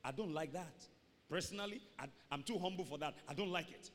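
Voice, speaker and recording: A pastor preaching a sermon to his church, repeating key phrases and rising to shouts. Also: on the high side, brisk, big-room sound.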